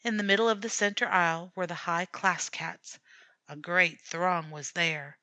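A woman narrating a classic story as an audiobook, measured and steady. Her voice sits fairly low yet sounds bright and forward. The recording is dry and close, with no room sound. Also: dry recording.

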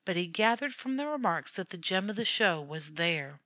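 A woman reading a classic story aloud as an audiobook narrator, in a measured, steady way. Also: lowish voice, dry recording.

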